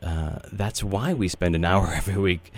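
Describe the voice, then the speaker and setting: A man's voice: low-pitched, moderate pace, no room sound. A man hosting a spiritual radio talk show, speaking in a meandering, earnest way with many fillers. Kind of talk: casual spiritual radio chat.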